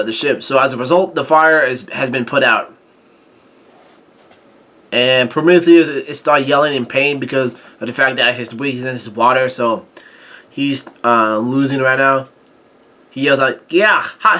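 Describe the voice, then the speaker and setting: A man casually recapping a manga chapter, halting often with restarts and self-corrections. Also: mid-range voice, fairly even intonation, a bit bright. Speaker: manga reaction host.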